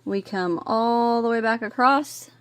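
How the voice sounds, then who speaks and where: A woman walks through a crochet pattern at an unhurried pace, stopping to count stitches softly and to add friendly asides. The sound is dry and close, with no room around it. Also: fairly high pitch, no echo. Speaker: crochet teacher. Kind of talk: step-by-step craft tutorial.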